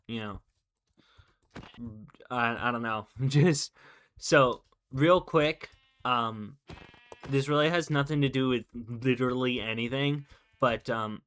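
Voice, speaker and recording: A man hosting his own gaming channel, chatting casually over play. His voice is bright and clear-edged, and he wanders off on asides, padding them with ums and jokes at his own expense. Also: mid-range voice. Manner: rambling, filler-heavy, self-deprecating. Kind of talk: casual gameplay commentary.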